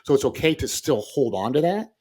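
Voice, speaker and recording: A man co-hosting a podcast, speaking in a relaxed, casual way and working from his own handwritten notes. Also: medium pitch, a little fast, slightly rough. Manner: relaxed, works from handwritten notes, short affirmations. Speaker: podcast co-host. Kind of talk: casual conversational podcast talk.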